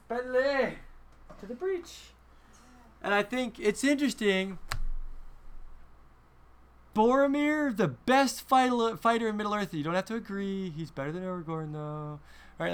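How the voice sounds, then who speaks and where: Guy teaching a class about a movie, bright forceful voice, kinda high, keeps asking questions. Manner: asks the listeners many rhetorical questions; emphatic, conversational. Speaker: teacher leading a film discussion. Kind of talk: lively teaching talk.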